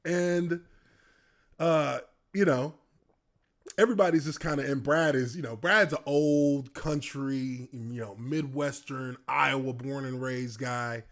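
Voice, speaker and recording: A man in his thirties, formerly a pro football player, takes his time telling stories casually and animatedly. His pitch is medium, and he laughs while acting out scenes.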